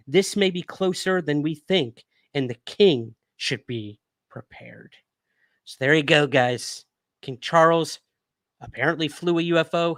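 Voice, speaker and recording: A man's voice: a little high, no room sound. A young adult man hosting a livestream, chatting casually with viewers and reading news articles aloud, hiccuping a little from whiskey. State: hiccuping after drinking whiskey. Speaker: livestream host.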